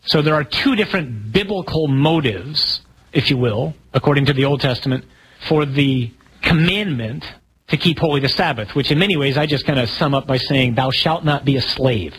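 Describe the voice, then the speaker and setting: A man's voice: fairly high pitch, a bit bright, husky, low-quality recording. Conversational male priest giving a talk. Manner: conversational, wry, asks the listeners questions. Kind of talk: casual sermon talk.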